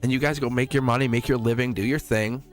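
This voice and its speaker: A man's voice: mid-range voice, fairly even intonation, quick pace, faint music behind. A middle-aged man hosting a live tarot stream, rambling in a casual, chatty way and laughing often. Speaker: tarot reader and livestream host. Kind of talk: casual livestream chat.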